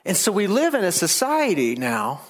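A man preaching a sermon, animated, rising loud and high to make his points. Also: moderate pace.

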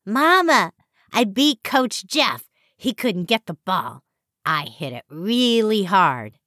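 A woman voicing an excited young boy who is eager and boastful in a storybook reading. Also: medium pitch, slow, dry recording, clean studio sound, voice pushed up. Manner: loud, eager, pleading.

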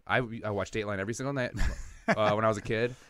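A man on a podcast, telling a comedic personal story in quick, animated, profane bursts. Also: on the low side, clear, resonant tone, no echo, clean studio sound. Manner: rapid, animated, profane anecdotes. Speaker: comedian guest.

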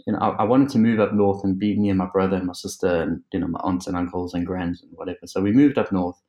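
A man's voice: low voice, fairly even intonation, fast talker, dark tone, muffled recording. A South African man chatting as an interview guest, rambling with many fillers, laughing often and swearing casually.

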